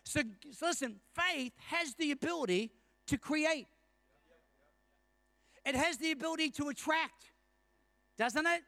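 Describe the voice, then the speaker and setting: A pastor in his fifties, with a strikingly high, pushed and bright voice, preaches a sermon built around a personal story, checking in often with the congregation. He is unhurried and pauses often. The recording is close and dry, with no room sound.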